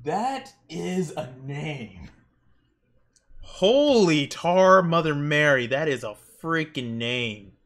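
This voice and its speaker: Excitable young man chatting on stream. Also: fairly high pitch, slow. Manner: rambling, excitable storytelling with exclamations. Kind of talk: casual chat while drawing on stream.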